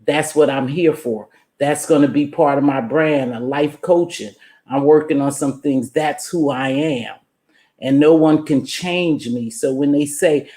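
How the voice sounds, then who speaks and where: A woman's voice: deep voice, measured pace, mellow, echoey room. A woman hosting a casual livestream, giving emphatic, preachy motivational talk and breaking off to greet chat viewers. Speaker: livestream host.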